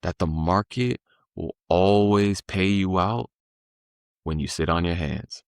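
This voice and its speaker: A man's voice: low-pitched, slow pace, clear, resonant tone, no echo, studio quality. A man talking casually as a podcast guest, telling stories in a laid-back, slangy way. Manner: laid-back slangy storytelling, animated when voicing the market.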